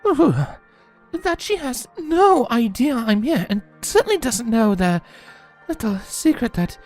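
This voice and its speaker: A woman's voice: a little high, sing-song, unhurried, a little mellow, soft background music. A woman voicing a flustered, stammering female pony who grows drowsy and dreamy.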